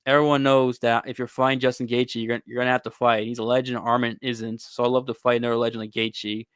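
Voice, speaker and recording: A male host delivers casual, opinionated sports commentary with a blunt, slangy edge. His voice is smooth and clear at an ordinary pitch. The recording is close and dry, with no room sound. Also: flat delivery, fast talker, a bit bright, dry recording. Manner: blunt, opinionated, swears and says "bro".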